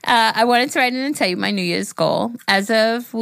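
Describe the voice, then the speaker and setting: A woman's voice: fairly high pitch, normal speed, creaky, a bit bright, no room sound, studio quality. A woman from New York co-hosting a podcast, chatting playfully and giggling as she jokes about how she talks. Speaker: podcast co-host. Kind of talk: casual chat.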